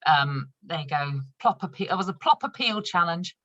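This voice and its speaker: A woman leads an online training session with a chatty, upbeat manner, laughing often as she shows products and explains them. Her voice sits a little low. The video call audio is dry and slightly dull. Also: lively intonation, normal speed, fairly bright tone, no echo. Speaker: senior manager training new consultants.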